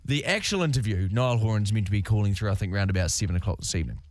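A man's voice: fairly low pitch, very fast, darkish tone, dry recording. A man hosting a radio show in casual, jokey banter full of puns. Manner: jokey, punning. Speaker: radio host.

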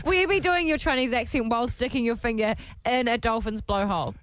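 A woman's voice: on the high side, fast, a bit bright, no room sound. A woman from New Zealand co-hosting a radio show, teasing the others in casual, giggly banter.

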